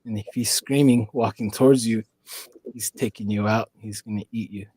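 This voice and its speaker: Guy from the four corners area rambling through a story, warm low voice, dry close mic. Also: steady tone, normal speed, breathy edge, no room sound, rough recording. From US Four Corners region. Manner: rambling, leans on "you know". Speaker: podcast guest. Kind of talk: casual storytelling.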